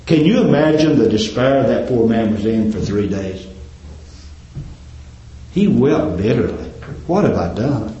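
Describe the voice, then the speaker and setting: A man's voice: expressive, a little slow, long pauses. Fervent preacher man in echoey hall. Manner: fervent, swinging between loud climbs and low hushed drops. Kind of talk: sermon. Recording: very echoey, dull lo-fi church recording.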